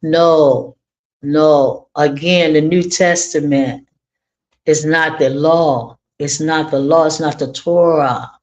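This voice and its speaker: An online Torah teacher speaks slowly and informally to viewers, with joyful exclamations. Key points are repeated for emphasis. The tone stays colloquial and conversational throughout. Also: medium pitch, fairly even intonation, darkish tone. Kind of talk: livestream teaching and reacting to viewer comments.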